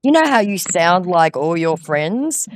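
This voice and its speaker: Sarcastic low-voiced woman scolding a scammer. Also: big pitch swings, a little slow. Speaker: scam baiter. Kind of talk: phone call, confronting a scammer.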